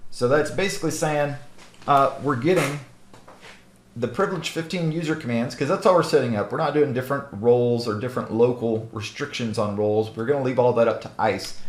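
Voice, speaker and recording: A man's voice: medium pitch, reverberant. A man giving a casual screen-recorded technical tutorial, often checking in with "okay?" and "right?". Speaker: network instructor.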